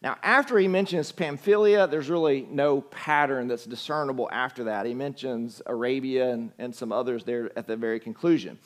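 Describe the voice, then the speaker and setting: A man's voice: medium pitch, moderate pace, hardly any pauses. Southern man preaching conversationally. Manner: conversational storytelling. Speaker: pastor. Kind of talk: sermon.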